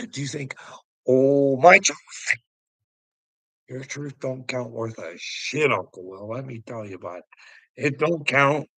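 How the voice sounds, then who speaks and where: A man with a gravelly, fry-laden voice and a sharp, forceful edge, ranting in a loose and profane way. He keeps chuckling at his critic, mocking him and calling him "bud". The sound is close and dry. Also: medium pitch, lively intonation, measured pace, dry recording, rough recording. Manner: mocking, chuckling often, calls the listener "bud"; profane and taunting. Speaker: vlogger answering a critic. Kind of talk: casual rambling rant.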